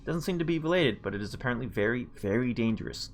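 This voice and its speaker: A man's voice: medium pitch, animated, quick pace, slight background noise. A man streaming a game, reading its text aloud and adding wry, musing asides.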